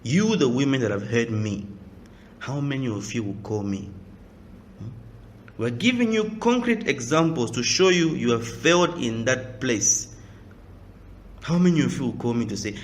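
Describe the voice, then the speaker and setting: A man's voice: fairly high pitch, animated, moderate pace, a little hiss or hum. A man giving a preaching lecture as a spiritual teacher, speaking emphatically, asking rhetorical questions and acting out the voices of people he quotes.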